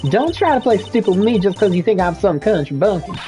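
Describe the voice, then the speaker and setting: A woman voicing a loud, nosy Southern woman photographer with an exaggerated put-on Southern drawl, folksy and bossy. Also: mid-range voice, big pitch swings, fast talker, soft background music, lightly acted. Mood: scolding.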